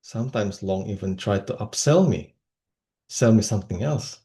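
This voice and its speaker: A man's voice: on the low side, moderate pace. A man from Indonesia giving a humorous personal-story speech at a speaking club. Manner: animated, comic storytelling with voices.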